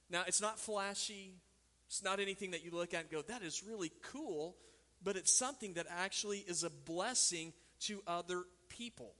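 A Texan pastor preaches a sermon in a church sanctuary, telling stories conversationally and posing questions to the congregation. His high voice is bright and forceful, and the hall is reverberant.

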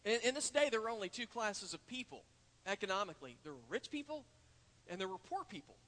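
High, bright-voiced preacher in a reverberant church. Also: male voice, very animated, fast. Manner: earnest preaching, frequent uh fillers and restarts, rises to emphatic points. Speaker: pastor. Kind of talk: sermon. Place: church sanctuary. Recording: long hall reverb in a church.

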